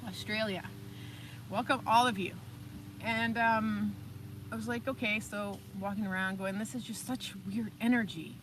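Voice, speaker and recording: A woman hosting a live stream, telling stories in a casual, animated way and reading out viewer comments. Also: medium pitch, slight background noise. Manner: animated, chatty, reads viewer comments aloud. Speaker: livestream host.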